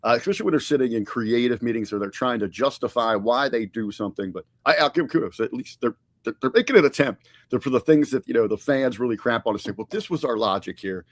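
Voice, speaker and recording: A man's voice: medium pitch, quick pace, no room sound. Chatty male podcast co-host, dry sound. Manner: conversational, many fillers and restarts. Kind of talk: casual podcast review chat.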